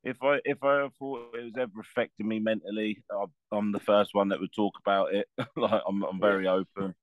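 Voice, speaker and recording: A low-pitched Englishman chats loosely with friends on a video call. He laughs a lot and restarts his sentences. His voice sits close and dry, with no room sound. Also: steady tone, fairly quick, dry recording, narrow, tinny audio. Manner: chatty, laughs often, stumbles and repeats words. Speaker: podcast co-host. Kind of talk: casual chat among friends.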